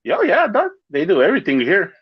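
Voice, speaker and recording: A man's voice: high voice, wildly swooping pitch, brisk, breathy edge, dry recording, highs cut off. A man chatting casually as a podcast guest, laid-back and full of slang, telling stories with acted-out quotes. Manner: laid-back slang, lots of "dog" and "fool". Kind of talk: casual chat.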